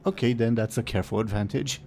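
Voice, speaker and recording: A man's voice: mid-range voice, fast talker, vocal fry, mellow, faint music behind. A man acting as game master in a tabletop role-playing game, with a playful, easygoing manner.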